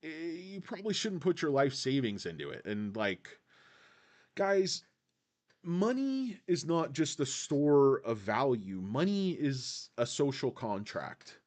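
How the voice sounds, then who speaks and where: A man's voice: medium pitch, very animated, slow pace, darkish tone. A man hosting a casual stock market video, rambling with many fillers and talking straight to his viewers. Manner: rambling, full of fillers, keeps addressing "guys". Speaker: stock channel host.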